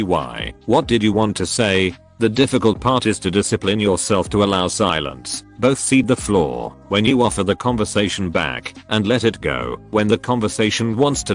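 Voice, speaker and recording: A man narrating forum posts in an even scripted read, spelling out acronyms letter by letter. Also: on the low side.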